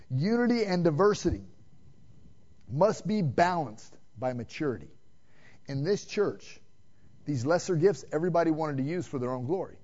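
A man preaching a sermon, asking the congregation questions and swinging between loud emphatic calls and hushed, quiet passages. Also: on the high side, sing-song, normal speed, pauses often. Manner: direct, addresses listeners with "man" and rhetorical questions. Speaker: pastor. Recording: dull lo-fi sermon recording.

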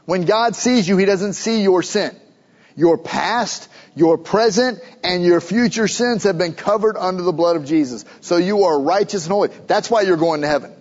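Male pastor, sermon, high-pitched, emphatic preaching, dull lo-fi sound. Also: normal speed, darkish tone. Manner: emphatic preaching, rising to urgent questions.

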